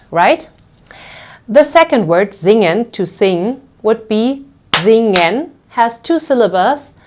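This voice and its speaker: A woman's voice: a little high, darkish tone. A woman teaching a pronunciation lesson. She explains patiently, stretches sounds out to demonstrate them, and often checks in with "okay?". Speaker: language teacher.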